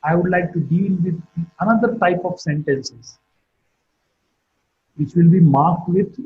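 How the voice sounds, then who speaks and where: A man's voice: sits high, unhurried, breathy edge, phone-quality sound. A man giving an online phonetics lecture, explaining step by step and repeating example sentences with stress. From India. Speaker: university lecturer.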